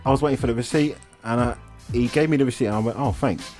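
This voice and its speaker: A man's voice: mid-range voice, rapid-fire, a little mellow, soft background music. A man co-hosting a comedy podcast, telling a story in a laid-back way and acting out the quotes. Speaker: podcast co-host. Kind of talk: casual comedic chat.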